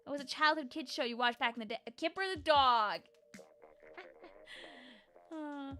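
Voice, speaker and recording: A woman's voice: high voice, measured pace, sharp tone. A woman in her twenties streaming a game from home, chatting casually and rambling, laughing often as she answers her chat. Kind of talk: casual live-stream chat while gaming. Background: game music.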